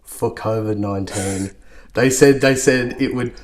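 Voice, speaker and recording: A man, co-hosting a podcast in casual, laughing banter. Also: medium pitch. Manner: laughing, quick to react, loose banter. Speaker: podcast co-host. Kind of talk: casual chat.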